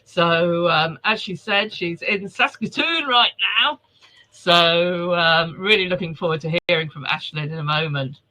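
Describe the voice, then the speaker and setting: A man's voice: sits high, unhurried, sharp tone, poor audio. A male host on a video call from home, chatting casually and greeting viewers by name before a virtual event. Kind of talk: casual live webinar welcome.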